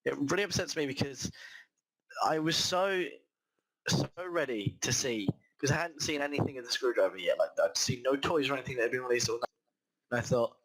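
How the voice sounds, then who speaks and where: A man's voice: mid-range voice, fast talker, husky, low-quality recording. Rambling man in casual chat. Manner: animated, complaining, rambling. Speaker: guest.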